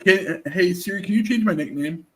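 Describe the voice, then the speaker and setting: A man's voice: sits high, a little fast. A man streamer in casual chat, talking in a playful, teasing, joking way.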